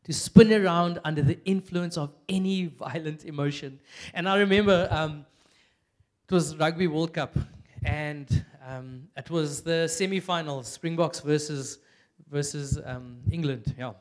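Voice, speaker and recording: High-voiced South African preacher, chatty. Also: male voice, unhurried. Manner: chatty and animated, with many "like" fillers and bursts of laughter. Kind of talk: casual, humorous sermon. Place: church.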